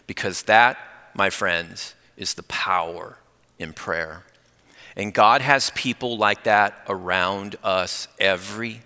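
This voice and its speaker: A man preaching a sermon, animated as he tells a personal story and acts out the dialogue. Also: low-pitched, smooth, in a large hall. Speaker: pastor.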